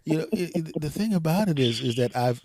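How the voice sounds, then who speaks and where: A man's voice: on the high side, animated, fairly quick, warm tone, no echo. Joking male podcast host. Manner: joking, laughs often. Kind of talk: casual interview chat.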